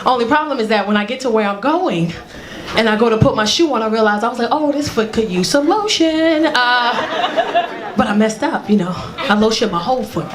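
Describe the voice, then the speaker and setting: A woman comedian doing a stand-up set, brash and profane, breaking into loud shouting bits. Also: a little high, animated, fairly quick, noisy background. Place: comedy club stage before a laughing audience. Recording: live club recording with loud crowd laughter. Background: crowd laughing and cheering.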